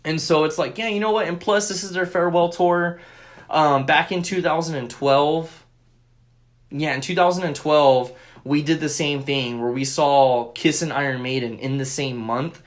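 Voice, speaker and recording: A young man co-hosting a casual podcast chat, telling a rambling, profanity-laden story with excitable bursts, recorded on a phone. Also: fairly high pitch, moderate pace. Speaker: podcast co-host.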